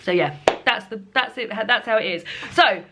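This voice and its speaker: A woman's voice: mid-range voice, normal speed, background noise. A woman chatting casually to camera from her lounge, rambling with lots of fillers and frequent laughs. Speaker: book vlogger.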